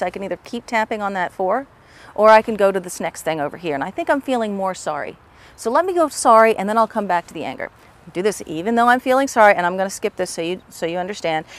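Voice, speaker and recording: A woman teaching an emotional tapping technique, patiently repeating the practice phrases aloud as she demonstrates. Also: fairly low pitch. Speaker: tapping instructor. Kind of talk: instructional demonstration.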